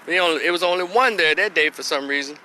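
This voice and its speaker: A man telling a personal story, animated, laughing and acting out the voices of the people in it. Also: fairly high pitch, fast talker, a little hiss or hum. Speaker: vlogger. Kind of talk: casual storytelling vlog.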